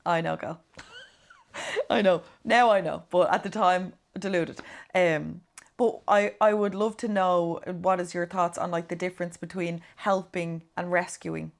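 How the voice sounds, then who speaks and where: A woman hosts a relaxed podcast conversation. She talks in a loose, self-mocking way with plenty of "like" and "you know". Her voice sits on the low side. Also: unhurried, gravelly. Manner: chatty, self-mocking, many fillers. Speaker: podcast host. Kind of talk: casual conversation.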